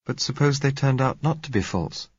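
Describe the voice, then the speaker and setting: A man reading an audiobook, voicing a quiet young woman under twenty who pleads softly and a little unsteadily. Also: mid-range voice, expressive, moderate pace, slightly rough, no echo, muffled recording, pitched above the performer's own voice. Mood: quiet pleading.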